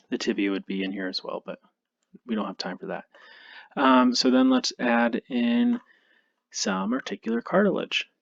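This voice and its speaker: A male anatomy instructor giving a recorded lecture over slides, relaxed and self-deprecating, thinking aloud with frequent ums. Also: medium pitch, unhurried, gravelly, pauses often, dry recording, lo-fi sound. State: tired, yawning.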